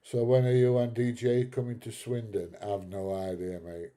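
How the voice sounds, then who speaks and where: Self-mocking British bloke, dark voice. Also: male voice, medium pitch, flat delivery, moderate pace. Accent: British English. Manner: laughs often, self-mocking, calls people mate. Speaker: live stream host. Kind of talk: casual chat reading viewer comments.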